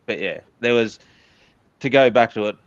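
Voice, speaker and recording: A man's voice: mid-range voice, moderate pace, dry recording. Earnest Australian man, dull lo-fi recording. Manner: candid, earnest storytelling with laughs. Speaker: interview guest. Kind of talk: casual interview chat.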